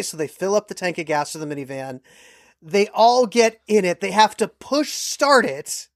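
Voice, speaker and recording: An animated podcast co-host spins a casual travel story and slips into the voices of the people in it. The sound is dry and close, with no room around it, and the voice sits at a middle pitch. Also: moderate pace, dry recording. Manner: animated anecdote telling, acts out quoted lines.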